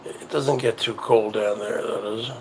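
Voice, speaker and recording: A man hosting his own show, chatting casually in a rambling, halting way that often repeats itself. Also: on the low side, fairly even intonation, noisy background. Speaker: show host. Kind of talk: casual livestream chat.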